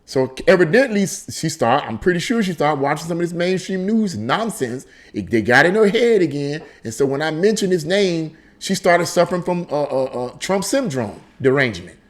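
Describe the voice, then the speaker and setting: A man with a slightly high voice hosts a political commentary channel, speaking at a moderate pace with few pauses. His casual monologue is emphatic and conversational, told as animated storytelling in which he keeps repeating his points.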